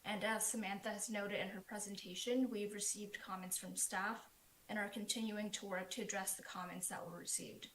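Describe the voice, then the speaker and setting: A woman's voice: mid-range voice, fairly even intonation, normal speed, a bit bright, slight background noise. A woman planner giving a formal prepared presentation, reading steadily through a report over a remote call. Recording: echoey remote call audio.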